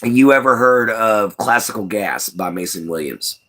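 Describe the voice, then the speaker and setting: A man's voice: on the low side, lively intonation, moderate pace, a bit bright, a little hiss or hum. A young man with a Southern US accent, chatting in a rambling, folksy way on a livestream and chuckling as he answers the chat. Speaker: livestream host.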